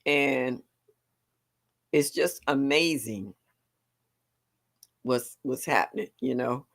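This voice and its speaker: A woman's voice: rumbling low, slow pace, vocal fry. An older woman hosting a casual live stream, chatty and emotional, greeting her viewers by name between sighs and laughs. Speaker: livestream host.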